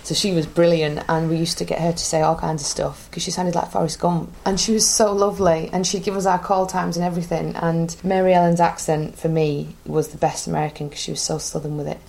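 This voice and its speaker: A young woman from northern England with a Bury accent, chatting as an interview guest, animated, with quick restarts. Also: lowish voice, vocal fry. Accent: northern English, Bury. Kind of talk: casual interview chat.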